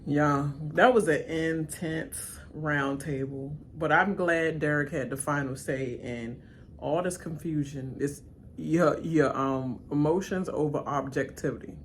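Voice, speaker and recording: A woman giving live reaction commentary to a reality show, slangy and animated, talking straight back at the people on screen. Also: measured pace, slight background noise. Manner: animated, pitch jumps high when emphatic. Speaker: reaction channel host.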